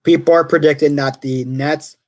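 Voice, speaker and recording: A man's voice: fairly high pitch, fairly even intonation, normal speed, darkish tone. A man hosting a casual sports talk show. He is an opinionated fan who thinks aloud, corrects himself, and reads statistics off the screen.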